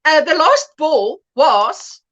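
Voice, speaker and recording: A woman's voice: high voice, sing-song, slow, fairly bright tone, muffled recording. A middle-aged woman hosting a casual livestream chat, reading viewers' comments aloud and laughing often. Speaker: livestream host.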